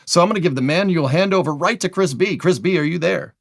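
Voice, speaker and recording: A man's voice: high-pitched, fast talker, creaky. A man co-hosting a live stream, casually handing over to the next host.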